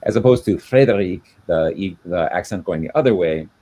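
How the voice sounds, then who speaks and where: Low raspy guy rambling on a video call, lots of uh and false starts. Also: lively intonation, dark tone. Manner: halting, many fillers and restarts, chatty explaining. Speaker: genealogy show co-host. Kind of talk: casual chat.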